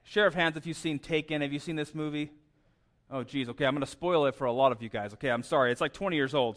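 A man's voice: fairly high pitch, a bit bright. Chatty, stammering man preaching. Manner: conversational, stammers and repeats words. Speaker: pastor. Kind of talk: sermon.

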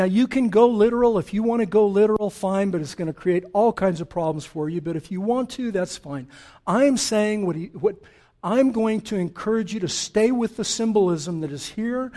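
A man preaching a sermon to his congregation, emphatic and animated, with joking asides to the listeners. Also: sits high. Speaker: pastor.

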